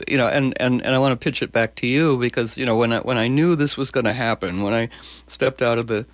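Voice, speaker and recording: A male host talking in an excitable, stumbling way, full of restarts. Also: medium pitch, quick pace, no echo. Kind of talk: conversational interview.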